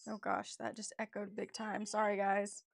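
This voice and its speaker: A woman's voice: mid-range voice, completely flat delivery, normal speed, gravelly. A woman author chatting casually to viewers on a livestream, rambling with many fillers and restarts and often addressing them as "you guys.". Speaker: author livestreaming a writing session.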